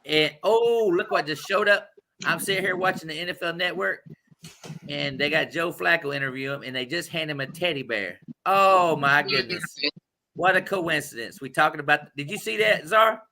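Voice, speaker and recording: A man hosting a casual sports talk stream, swearing freely and talking loudly and animatedly. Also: fairly high pitch, brisk, gravelly. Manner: loud, profane, animated. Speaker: podcast host.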